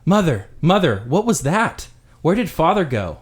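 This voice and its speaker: A man's voice: very animated, normal speed. A man doing a frightened young village boy. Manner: high panicked cries.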